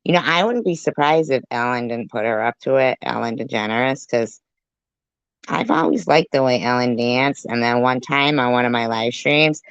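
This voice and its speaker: A woman's voice: extremely low pitch, fairly bright tone, clean tone, no echo. A woman hosting a commentary channel, mocking and sarcastic as she reacts to clips, swearing freely. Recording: dull lo-fi dry sound.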